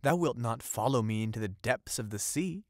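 A man with a mid-range, slightly dark, natural voice plays an impassioned young fisherman in love, declaiming urgently in old-fashioned speech. His intonation is lively and his pace moderate, recorded at studio quality with no room sound.

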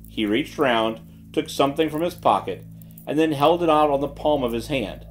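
A man narrating a classic mystery audiobook in an expressive reading style. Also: medium pitch, normal speed. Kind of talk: scripted narration.

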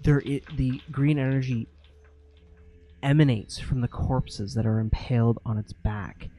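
A man's voice: mid-range voice, mellow. A man running a tabletop game as game master, narrating vividly and mimicking sound effects.

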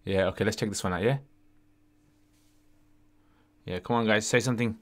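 A man hosts a casual livestream Q&A, answering questions in a chatty way and often tagging his sentences with "yeah?". His voice is fairly low in pitch with a fairly bright tone, at a normal speed.

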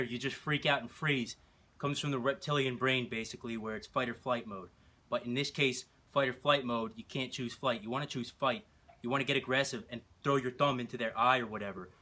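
A self-defense instructor speaking straight to camera in a loose, casual way. He talks with a bright, forceful edge and keeps driving his points home by saying them again and again. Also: mid-range voice, steady tone, brisk. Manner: blunt and emphatic, repeats key phrases.

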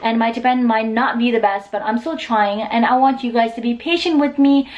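Young woman from the States, emotional storyteller, bright fairly high voice, lots of fillers. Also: a little fast, lo-fi sound. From United States. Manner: chatty, emotional, many fillers like "like" and "oh my God". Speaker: vlogger. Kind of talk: casual storytime vlog.

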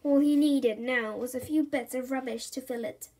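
A woman reading a children's storybook aloud in an animated, expressive way. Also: sits high, normal speed. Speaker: storybook reader.

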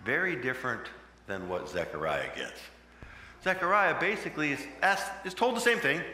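A man preaching a sermon in a conversational way, with sudden loud emphatic bursts, recorded in a church. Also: on the high side, very animated, moderate pace. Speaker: pastor. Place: church sanctuary. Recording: echoey church hall with long reverb, faint hum.

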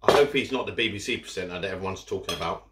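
Talking very fast in a low voice, the man eats and rambles with his mouth full during a casual food vlog. The recording is very noisy and echoey, with the sound of cutlery and dishes throughout.

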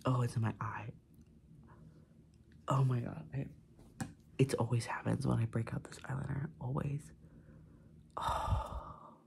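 A man's voice: medium pitch, flat delivery, moderate pace, gravelly, long pauses, a little mellow, slight background noise. A young man in his twenties whispering an ASMR vent while doing his makeup, chatty, swearing and full of "like". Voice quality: mostly unvoiced whisper. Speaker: ASMR creator.

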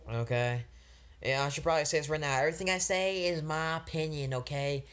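A man's voice: a little high, a little fast, a bit bright, clean tone. Young male music reviewer, casual and rambling, frustrated, swears a lot. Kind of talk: casual album review vlog.

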